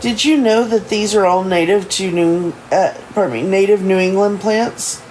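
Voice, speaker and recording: A streamer reading a novel aloud, voicing a warm, playful older woman neighbor in a raised, bright voice. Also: mid-range voice, normal speed, slight background noise, close to an everyday voice, poor audio. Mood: cheerful. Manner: bright, lively, teasing.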